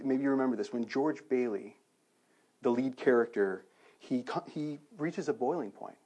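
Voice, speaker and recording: A man, around his thirties, preaching a sermon in a conversational, animated way, full of rhetorical questions. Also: mid-range voice, husky. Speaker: pastor.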